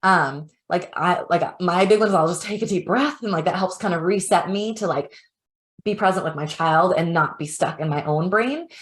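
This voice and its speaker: A woman's voice: on the low side, moderate pace. A young woman presenting a parenting webinar in an informal teaching style. She is a parent herself and talks in a chatty way, full of "like" and "you know".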